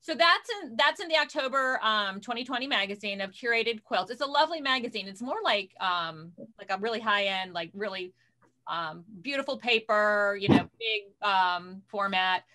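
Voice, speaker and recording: Woman quilter guesting on a video call; bright, chatty, casual. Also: medium pitch, normal speed. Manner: chatty, scattered while fumbling with screen sharing.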